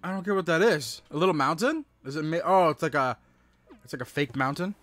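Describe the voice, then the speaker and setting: A man in his thirties chatting casually on a live stream as he plays, reading and answering his chat aloud with quick exclamations at the game. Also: a little high, animated, fairly bright tone, no echo, faint music behind. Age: 30s.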